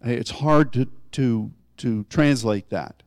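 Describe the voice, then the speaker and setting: A man preaching a conversational sermon, often rising in pitch for emphasis as he explains a scripture. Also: slow pace, darkish tone, no room sound.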